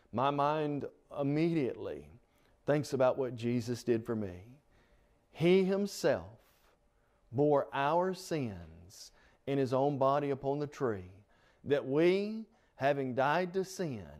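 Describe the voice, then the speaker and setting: Lively, animated male preacher. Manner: rises in pitch and force on scripture quotes, emphatic. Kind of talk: Bible study sermon. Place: church.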